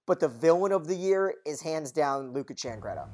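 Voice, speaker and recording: A man co-hosting a podcast, recapping plot details quickly and casually, sometimes swearing. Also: on the high side, animated, a little mellow, a little hiss or hum. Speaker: podcast co-host.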